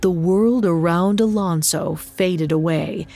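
Slow, low-voiced woman narrating a tale. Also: soft background music. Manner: measured, even storytelling delivery. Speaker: storyteller. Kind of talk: scripted narration.

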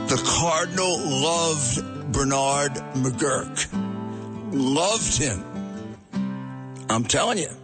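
A man recounts a story for a recorded tribute. His voice sits fairly high and he tells it with animation. Music plays clearly underneath him. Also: very slow, long pauses. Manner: storytelling, lively. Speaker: guest recalling a friend.

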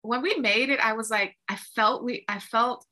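Woman songwriter guest, bright voice, chatty storytelling w lots of "like", acts out conversations. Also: fairly high pitch, normal speed. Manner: animated, acts out quoted exchanges with lots of "like". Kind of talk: casual interview storytelling.

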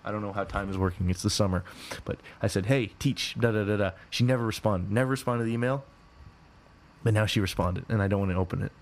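A man's voice: fairly low pitch, fast talker. A man in his twenties hosting a podcast in a rambling, repetitive monologue, often swearing and restarting his sentences. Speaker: podcast host.

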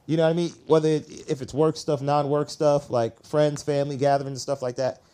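A man's voice: fairly high pitch, fairly quick, clear, resonant tone. Easygoing podcast host man. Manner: relaxed, conversational, keeps checking in with the listener. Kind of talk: casual chat.

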